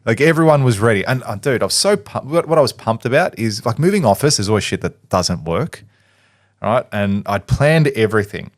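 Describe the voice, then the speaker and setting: A man's voice: medium pitch, animated, brisk, no room sound, clean studio sound. A man, co-hosting a podcast in casual chat, a blunt storyteller who swears and acts out what people said. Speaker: podcast co-host.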